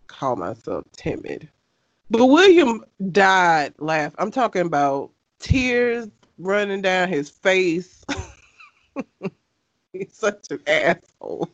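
A woman's voice: lowish voice, no room sound. A woman in casual conversation, telling stories with lots of laughter and animation. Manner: animated storyteller, laughs often. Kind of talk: casual chat. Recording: dull lo-fi sound, dry.

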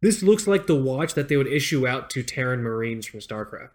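A man co-hosting a casual podcast, joking and swearing freely, with excitable reactions. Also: mid-range voice, brisk. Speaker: podcast co-host. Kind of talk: casual chat.

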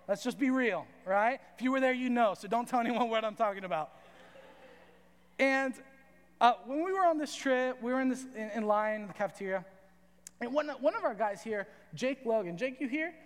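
A young man with a high voice preaches to a crowd in a large hall, and his words ring out with a long echo. He tells his story in a chatty, animated way and keeps asking the room "right?". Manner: animated, conversational, asks "right?" often. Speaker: youth pastor. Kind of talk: sermon with storytelling. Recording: reverberant hall.

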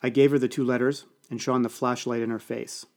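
Canadian guy reading his story, dry wry delivery, mid pitch. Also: little pitch movement, fairly quick, a little mellow. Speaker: audiobook narrator. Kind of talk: first-person scripted narration.

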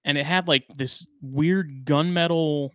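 A man, co-hosting a podcast in casual chat, rambling and relaxed with lots of fillers. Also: a little high, unhurried, no room sound. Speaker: podcast co-host.

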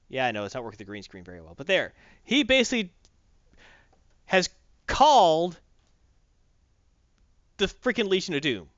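Animated high-voiced man recapping comics. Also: moderate pace, pauses often, no room sound, highs cut off. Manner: animated, acts out characters in silly voices. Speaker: podcast host recapping a comic. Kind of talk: casual chat.

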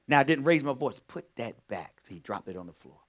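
A male pastor preaching in a conversational way, moving from quiet storytelling to loud, emphatic points. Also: medium pitch, expressive, fast talker. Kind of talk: sermon.

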